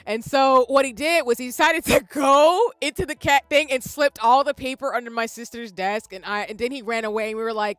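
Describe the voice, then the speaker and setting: A woman's voice: sits high, fairly quick, hardly any pauses, fairly bright tone, clear, resonant tone, no echo. A woman streamer chatting casually with viewers, rambling and laughing often as she reads the chat aloud. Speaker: live streamer.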